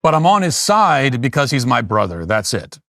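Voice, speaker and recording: A man's voice: mid-range voice, very animated, normal speed, gravelly, bright, forceful tone, dry recording. Emphatic male commentary host, dry sound. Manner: emphatic, repetitive, with frequent restarts. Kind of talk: monologue commentary.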